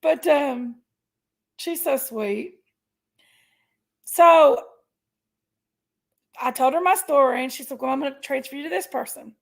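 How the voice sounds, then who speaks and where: A woman's voice: high voice, a little slow, vocal fry, long pauses. A woman, chatting casually on a livestream and telling a story. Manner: chatty storytelling, venting, thanks viewers. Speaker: livestream host.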